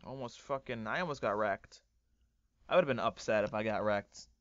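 A man doing excitable, swearing let's play commentary, ranting and often breaking into yells. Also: fairly low pitch, moderate pace, dry recording, dull audio. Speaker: gaming YouTuber.

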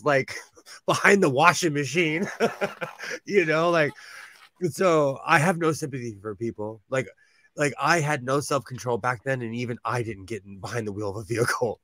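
A man from California, hosting a live sewing show and chatting in an animated, gossipy way, telling stories and laughing often. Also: medium pitch, normal speed, no echo. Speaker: host. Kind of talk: casual chat.

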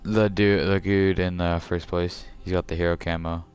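A young man streaming a video game and chatting with a friend over a headset, excitable and yelling at the game. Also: sits low, normal speed, clear, resonant tone, faint music behind. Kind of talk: gaming live stream chat.

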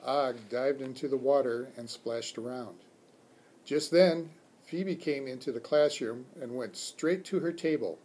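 A man reading a children's chapter book aloud for a school, expressive and doing character voices. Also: mid-range voice, measured pace. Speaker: school read-aloud reader.

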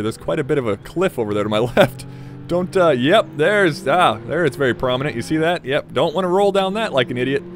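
A man's voice: on the high side, a little hiss or hum. A young man giving casual, joking commentary while playing a driving game, rambling and talking to the characters on screen. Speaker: gaming YouTuber.

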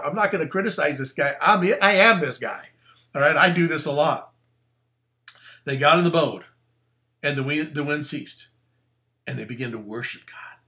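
A man, the pastor, giving a casual, animated sermon full of slang and asides. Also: a little high, normal speed.

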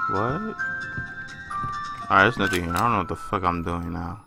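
A young man commentating a horror game, jumpy and swearing constantly, yelling and laughing when startled. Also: deep voice, moderate pace, creaky, long pauses, over loud music. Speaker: gamer.

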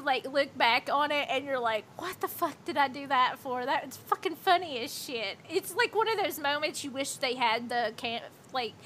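A woman's voice: sits high, sharp tone, a little hiss or hum. A woman in her thirties livestreaming, telling a rambling, profane story with lots of "like" in casual chat.

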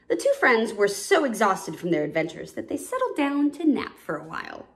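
A woman reading a children's picture story aloud in a warm, lively storytelling manner. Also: medium pitch, normal speed, few pauses.

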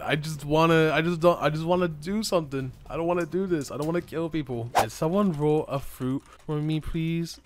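A young man giving excitable commentary over his gameplay, laughing and yelping often. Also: on the high side. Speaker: gaming YouTuber.

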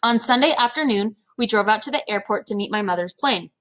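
Expressive woman reading a kids' book. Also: medium pitch, fairly quick. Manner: lively, expressive storytelling. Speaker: read-aloud narrator. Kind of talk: reading a children's chapter book aloud.

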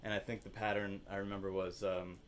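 A man's voice: sits low, brisk, heavy background noise. Man teaching percussion, sung rhythm syllables. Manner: explains calmly, with sung rhythm syllables and many fillers. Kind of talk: instructional demonstration.

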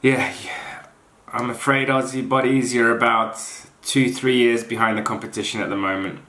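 Male fitness vlogger, bright forceful voice, frank snack reviewer, roomy echoey room. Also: mid-range voice, steady tone, brisk. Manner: blunt, unimpressed taste-tester. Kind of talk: casual product review.

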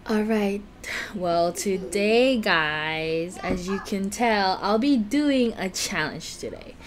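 Nervous giggly woman vlogger, slow-talking. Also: mid-range voice, expressive, a little hiss or hum. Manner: nervous, giggly, stumbling over words. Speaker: mukbang vlogger. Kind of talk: casual chat to camera.

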